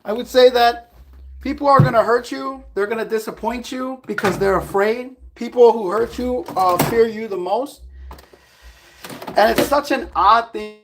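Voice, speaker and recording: A man's voice: very high-pitched, normal speed, noisy background. A man on a casual vlog who gives blunt, profane, preachy life advice while making food in his kitchen at home. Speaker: vlogger. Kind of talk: casual livestream pep talk.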